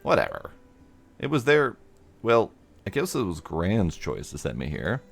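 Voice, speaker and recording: A man's voice: sits low, huge pitch swings, unhurried, creaky, heavily acted. A man voicing a sulky, sarcastic eighteen-year-old witch, reading game dialogue in his own dry voice. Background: faint game music.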